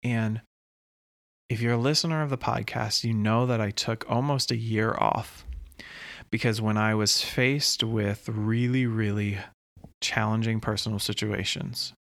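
Guy doing a reflective solo podcast, kinda low and gravelly, takes his time, earnest. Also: fairly even intonation, a bit bright, no echo. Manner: slow, earnest, deliberate with long pauses. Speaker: podcast host.

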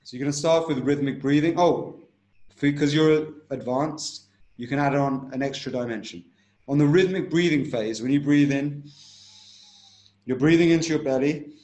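A man's voice: mid-range voice, a little slow, pauses often, a little mellow, reverberant. A man teaching a breathing technique in an interview, instructive and repetitive, often checking in with "right?".

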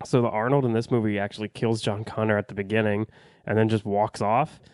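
A man's voice: lowish voice, flat delivery, fairly quick, a little mellow, clean tone, no echo, clean studio sound. A man giving a casual, rambling movie review, blunt and profane, full of fillers and restarts.

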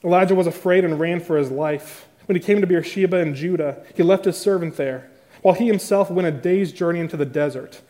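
Guy preaching a sermon, kinda high voice, reads the bible passage then gets emphatic. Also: a little fast, mellow. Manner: emphatic, building intensity. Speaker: pastor. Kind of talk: sermon with scripture reading.

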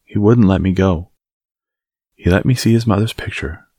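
A man's voice: sits low, normal speed, dark tone, no echo, voice pushed up. A man voicing a blunt, curious little girl in a storybook reading. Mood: matter-of-fact.

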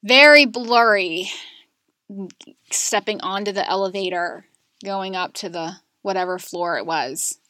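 A woman in her thirties, a podcast guest, telling a painful personal story candidly, with many fillers and pauses. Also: mid-range voice, bright, forceful tone, dry recording, clean studio sound. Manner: candid, emotional, frequent fillers. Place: Charlotte area.

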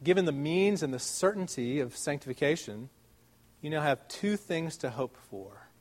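A male preacher with a slightly raised voice delivers a sermon. He talks to the congregation in a conversational, earnest way, throwing out rhetorical questions. He swings between loud, stressed words and soft, slowly drawn-out ones. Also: fairly high pitch, expressive.

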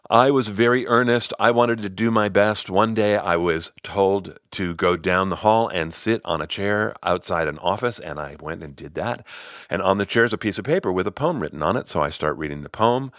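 Dry-voiced middle-aged male podcast host. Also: no room sound. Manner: expressive storyteller, rises high in excitement and drops to near-whispers. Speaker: podcast host and speaking coach. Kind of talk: solo podcast storytelling and advice.

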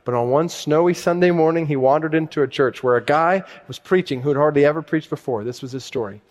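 Speaking quickly with hardly a pause, a pastor with a fairly high voice delivers a casual sermon. He reads a conversion story aloud, his intensity rising and falling.

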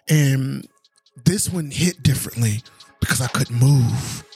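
A man's voice: mid-range voice, a little slow, creaky, a little mellow, faint music behind. A man hosting a podcast, earnestly telling a personal story in a casual, conversational way and speaking straight to his listeners. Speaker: podcast host.

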